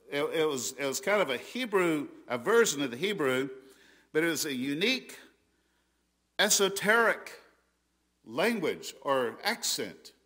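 A Southern American man preaches a sermon with a bright, ringing voice. He presses his points hard and often stops to restart a sentence. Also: on the high side. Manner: emphatic, rising loud on quoted scripture, frequent restarts. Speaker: pastor.

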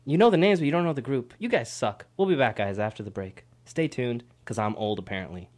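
A man's voice: mid-range voice, fairly quick, slight background noise. Guy cohosting live radio, voice swings up and down a lot, laughs constantly. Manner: animated, laughs often, teasing. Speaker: radio co-host. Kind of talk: casual banter on live radio. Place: campus radio studio.

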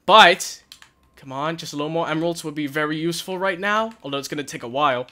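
A young man wearing a headset, giving nervous, excited gameplay commentary and crying out in panic as he plays. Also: on the high side, fast. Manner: nervous, shouts and cries out in panic. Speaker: gaming channel host. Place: hot room at home.

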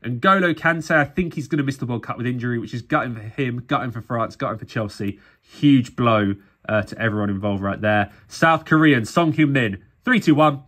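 A man's voice: medium pitch, brisk, fairly bright tone. Tired, chatty English man vlogging. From England. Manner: chatty, self-mocking, addresses viewers as people. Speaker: sticker collecting YouTuber. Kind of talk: casual vlog commentary.

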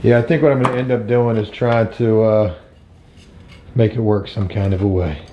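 A man's voice: lowish voice, steady tone, moderate pace, roomy sound, dull audio, background noise. A young man talking casually through his home renovation work, chatty and self-mocking, with the odd curse. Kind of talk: casual vlog narration while working.

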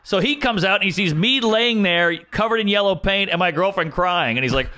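A man's voice: high-pitched, a little fast, hardly any pauses, clear, resonant tone. A man telling a wild comic story on a podcast, acting out the people in it. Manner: animated, acts out quoted voices. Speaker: comedian guest.

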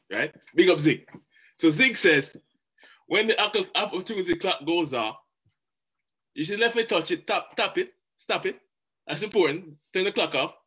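A man giving a motivational talk, animated and chatty, often repeating words as he goes. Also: a little high, breathy edge. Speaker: motivational speaker.

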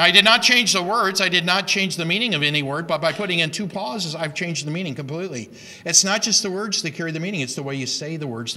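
A middle-aged man giving an emphatic lecture on teaching reading to a live audience, often restarting his words. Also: fairly high pitch. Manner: animated, emphatic, with many repeated starts. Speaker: reading education speaker.

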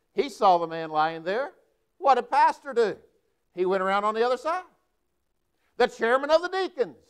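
A man's voice: very high-pitched, a bit bright, clear, resonant tone. A man, a pastor preaching a sermon with emphatic delivery and frequent rhetorical questions. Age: 40s.

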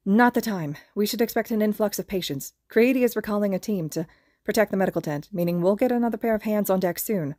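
Podfic: woman plays earnest young male medic, calm, kind, mid pitch, dry. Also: no room sound, lightly acted. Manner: calm, kind, brisk with patients. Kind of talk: podfic character reading.

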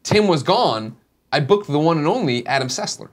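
Animated male host, slightly high voice with lively swings, casual and profane. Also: normal speed. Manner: animated, swearing, laughing loudly. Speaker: show host. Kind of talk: casual chat. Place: studio.

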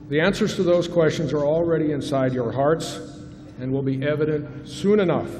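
A man's voice: a little high, warm tone. A middle-aged man, a faculty member, giving a formal, reflective commencement address from a podium. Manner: reflective, measured, rhetorical questions. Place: large hall at a graduation ceremony. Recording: reverberant hall, faint hiss.

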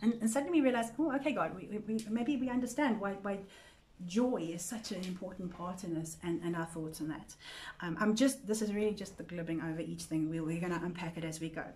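A woman's voice: on the low side, brisk, warm tone, a little hiss or hum. A woman teaching a Bible study to a women's group in an earnest, conversational way, often repeating words and checking in with her listeners. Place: church women's group meeting.

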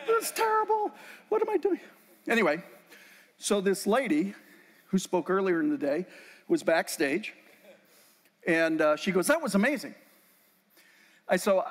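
Guy preaching his story to a crowd, bounces all over in pitch, yells out the quotes, big echoey hall. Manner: animated, acts out his own past outbursts. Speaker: Christian motivational speaker. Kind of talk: storytelling presentation to a live group. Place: event venue in a hall.

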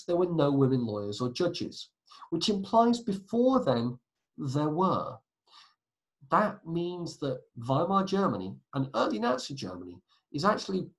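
A man teaching a recorded history lesson in a chatty way, full of asides and quick self-corrections. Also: fairly high pitch, a bit bright, rough recording.

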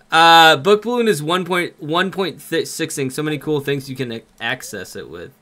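This young streamer has a Minnesotan accent and a slightly high voice. He comments on a game live, reading its text aloud in an excitable, jokey way.

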